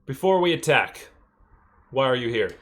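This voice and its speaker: A man's voice: medium pitch, big pitch swings, moderate pace, fairly bright tone. A man voicing a resolute young woman mage who speaks in a polite, guarded way.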